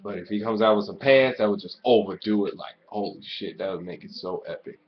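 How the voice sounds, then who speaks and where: A man giving a casual, profanity-heavy wrestling show review, ranting excitably and swearing constantly. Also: on the low side, fairly quick, muffled recording.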